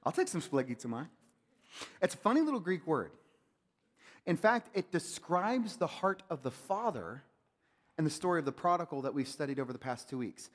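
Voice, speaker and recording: A male pastor preaching a sermon, swinging from loud urging to hushed near-whispers. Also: a little high, lively intonation, normal speed, big-room sound.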